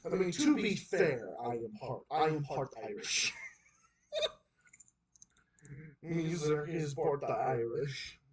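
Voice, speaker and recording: On a livestream, a Boston-accented man fumes about politics in a fairly high, sing-song voice, going slowly and pausing often while he hammers home repeated points and stumbles through false starts. Sitting well back from the mic, his words bounce around the echoing room.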